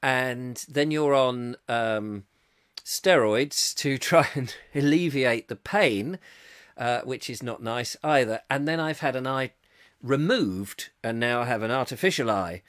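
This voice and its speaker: A man's voice: mid-range voice, slow, fairly bright tone. A middle-aged English man hosting a casual live chat show, reading viewer comments aloud in a rambling, self-mocking way.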